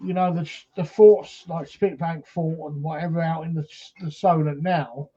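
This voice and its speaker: A man's voice: a little high, fairly even intonation, moderate pace, dark tone, slightly rough, dull audio. A man, a paranormal investigator retelling a story casually with lots of "he says" and quoted speech.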